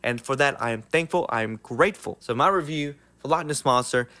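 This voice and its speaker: A man's voice: medium pitch, a little fast, bright, forceful tone. A young man giving an enthusiastic, casual theme park ride review, full of "like" fillers.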